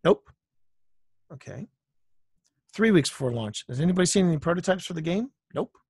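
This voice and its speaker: A man's voice: high voice, animated, normal speed, darkish tone, slightly rough, dry recording. Man telling work stories, dry sound. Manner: anecdotal, repeats phrases for emphasis. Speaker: author and entertainer guest. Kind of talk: casual storytelling interview.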